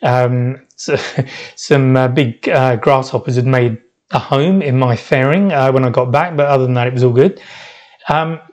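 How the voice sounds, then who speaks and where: A middle-aged man recounting a long solo journey on his podcast. His delivery wanders and doubles back, circling his thoughts in an unhurried, reflective way. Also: mid-range voice, a little mellow. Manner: rambling, reflective, many restarts. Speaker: podcast host. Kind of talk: reflective travel storytelling podcast.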